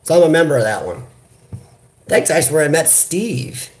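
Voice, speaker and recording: A man from the United States hosting a casual live chat, talking in an animated, chatty way into a computer webcam. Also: on the high side, fairly quick. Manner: animated, chatty, reads viewer comments aloud. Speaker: livestream host. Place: hospital room.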